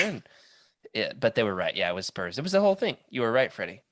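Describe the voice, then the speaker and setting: Animated man hosting a casual podcast. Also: on the low side, fast talker. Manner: playful, animated, teasing. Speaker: podcast host. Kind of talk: casual chat.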